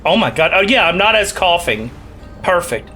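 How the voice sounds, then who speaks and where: A man's voice: high voice, sing-song, normal speed, sharp tone, soft background music. A young man casually commenting while he plays a video game, rambling and joking with playful asides. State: recovering from a cough. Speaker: gaming channel host. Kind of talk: casual let's play commentary.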